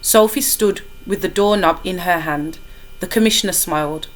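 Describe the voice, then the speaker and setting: A woman teacher reading a children's novel aloud to her class in a lively, expressive way. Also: fairly low pitch, moderate pace.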